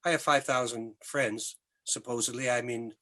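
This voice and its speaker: An older Canadian man, a musician guest, telling animated anecdotes in an interview with many restarts. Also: mid-range voice, moderate pace. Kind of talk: storytelling interview.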